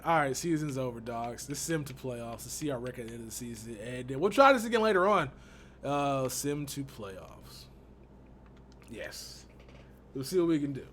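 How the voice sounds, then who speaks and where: In a somewhat high, slightly bright voice, a young man from Texas who makes gaming YouTube videos reacts to a sports video game with casual slang, exasperation, and frequent laughter. A little hiss or hum can be heard on the recording.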